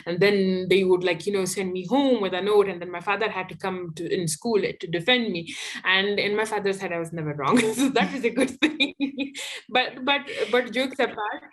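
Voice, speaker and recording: A woman's voice: mid-range voice, normal speed. A young adult woman from Afghanistan, an activist guest telling personal stories in an interview, emphatic and candid, often restarting her phrases.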